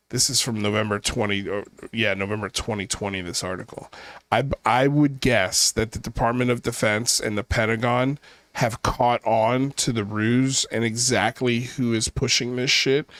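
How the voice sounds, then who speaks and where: A man in the middle pitch range hosts a skeptical commentary show in a relaxed, offhand way. His remarks lean sarcastic and profane. The sound is dry, with no room around it. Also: dry recording. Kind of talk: casual commentary.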